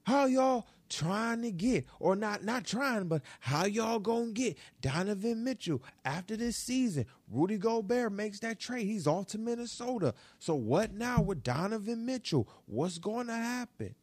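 A man's voice: high voice, lively intonation, unhurried, hardly any pauses, dry recording. A man hosting a basketball talk show, ranting emphatically and repeating lines for effect, recorded close in a small room. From New York. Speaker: sports talk show host. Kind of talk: animated basketball commentary.

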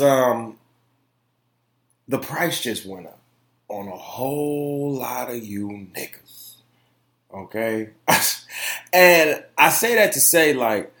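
A young man hosts a solo opinion podcast, ranting in a loud, emphatic way. He swears freely, circles back on his own phrases and leans on fillers as he makes his point. His voice sits at an ordinary middle pitch for a man. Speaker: podcast host.

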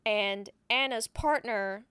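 A woman with a fairly high voice retells a film's plot on a casual podcast. Her delivery is loose and slangy, with cursing. She stumbles over names and corrects herself as she goes. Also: slow, bright, forceful tone, clean tone. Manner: rambling, self-correcting. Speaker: podcast co-host recapping a film. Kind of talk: casual chat.

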